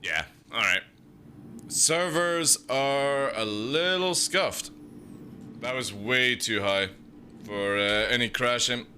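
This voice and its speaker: A man, chatting casually on a game stream, swearing freely and riffing excitedly. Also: medium pitch, slow pace, a little hiss or hum. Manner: swears freely, excitable, laughs and riffs aloud. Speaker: gaming streamer. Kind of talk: casual live-stream chat over gameplay. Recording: game sounds clearly audible behind.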